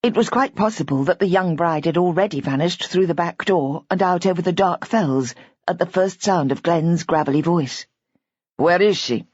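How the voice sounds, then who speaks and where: A woman narrating a mystery audiobook in a measured, even way. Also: fairly low pitch, husky, no echo. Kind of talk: scripted narration. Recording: dull, lo-fi audiobook recording.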